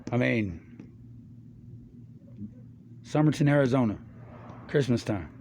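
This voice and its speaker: A middle-aged man talking in a rambling, stream-of-consciousness way. His voice sits at an ordinary pitch for a man. His speech is loose, full of slang and swearing, and hops from subject to subject. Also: lively intonation, slow, a little mellow, slight background noise. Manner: loose, slangy and profane, jumps between topics. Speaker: monologuist.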